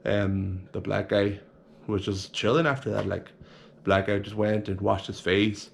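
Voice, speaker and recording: A man's voice: fairly low pitch, steady tone, measured pace, vocal fry, slight background noise. A young man telling a prison story casually, acting out punches sound effects and swearing freely.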